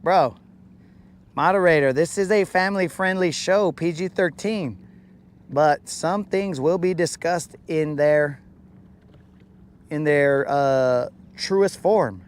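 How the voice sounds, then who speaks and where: A man's voice: fairly high pitch, slow pace, clear, resonant tone. A man hosting a live fishing stream outdoors on a lake, playful and full of slang as he jokes with his chat. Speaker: fishing livestream host.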